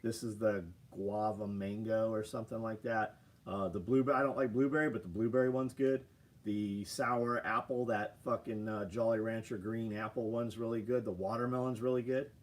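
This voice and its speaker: A man's voice: lowish voice, normal speed. A man hosting a casual livestream, talking bluntly and profanely and reacting to viewer comments. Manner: blunt, profane, animated ranting. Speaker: livestream host.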